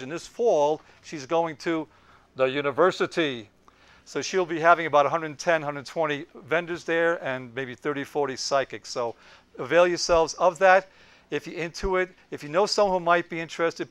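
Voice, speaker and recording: A man's voice: fairly high pitch, brisk, fairly bright tone, clean tone, no echo. A man, giving an anecdotal lecture to a group. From Brooklyn, New York. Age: 70s. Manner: anecdotal, leans in on quoted lines. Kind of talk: storytelling lecture.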